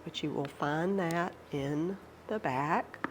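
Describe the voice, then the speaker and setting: A middle-aged woman with a Southern American accent and a nasal voice from a cold, chatting gently over tea about Bible study. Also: low-pitched, background noise. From Georgia, USA. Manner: gentle, unhurried, devout. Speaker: channel host. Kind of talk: casual tea-time Bible study chat.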